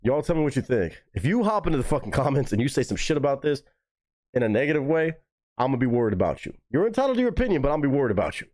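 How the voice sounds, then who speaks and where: A young man hosting a live music reaction stream, talking casually and excitedly to his chat with plenty of swearing. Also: medium pitch, racing. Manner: excitable, profane, talks straight to chat.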